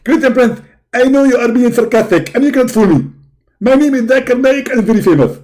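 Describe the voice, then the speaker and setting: A man putting on the voice of a stubborn male preacher who shouts and keeps repeating himself. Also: very high voice, a little fast, voice pushed up. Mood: insistent.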